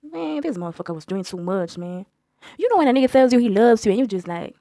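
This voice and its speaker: A young woman telling a story in a blunt, profane, animated way as a storytime vlogger. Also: on the high side, quick pace, no echo. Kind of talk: casual storytelling.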